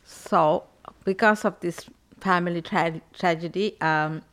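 Soft-spoken older woman, low voice. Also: fairly even intonation, slow pace. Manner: soft-spoken, brief answers. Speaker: guest's mother. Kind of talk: casual chat.

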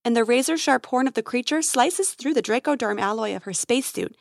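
A woman with a fairly high voice reads a children's space adventure aloud. Her delivery is lively and expressive. The sound is dry and close to the mic. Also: brisk, vocal fry, dry recording. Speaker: storyteller. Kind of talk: narrating a children's adventure story.

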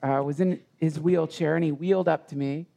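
Speaking at a live retreat session, a podcast guest with a raised, rough-edged voice opens up about a personal experience. His tone stays steady and mellow, though his speech rambles and breaks off into restarts, circling back on itself.

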